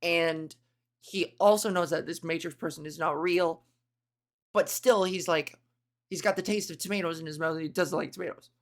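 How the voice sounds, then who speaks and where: A woman comedian hosts a podcast, talking in a loose, rambling monologue that swears freely and keeps cutting itself off mid-thought. Her voice has a gravelly, fry-heavy edge. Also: fairly low pitch, moderate pace. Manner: rambling, profane, self-interrupting.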